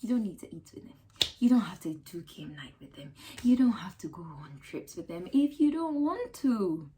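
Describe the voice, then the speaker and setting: A woman's voice: mid-range voice, moderate pace, a little hiss or hum. Emphatic Ghanaian woman giving advice. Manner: emphatic and animated, with rhetorical questions and mock quotes. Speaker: lifestyle vlogger. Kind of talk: casual advice monologue to camera.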